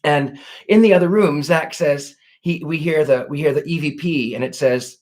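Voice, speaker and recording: A genteel man with a fairly high voice hosts a live question-and-answer stream as a psychic. He talks in an effusive, gracious way, reading out viewers' questions and answering them at length. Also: normal speed.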